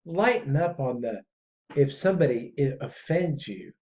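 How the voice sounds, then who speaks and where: A man hosting a podcast in a casual, rambling monologue that gets excitable. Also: moderate pace. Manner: excitable and rambling, jumps between pitches. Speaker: podcast host. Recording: dull lo-fi audio.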